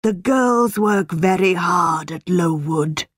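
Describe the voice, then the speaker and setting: A woman voicing a stern, cruel tall man who owns a school, speaking slowly and threateningly. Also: lowish voice, breathy edge, no room sound, clean studio sound. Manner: slow, preaching, threatening.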